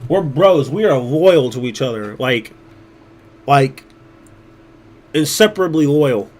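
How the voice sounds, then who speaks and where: A man's voice: mid-range voice, expressive, slow pace. A man chatting casually on his livestream, blunt and profane, rambling with restarts. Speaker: streamer.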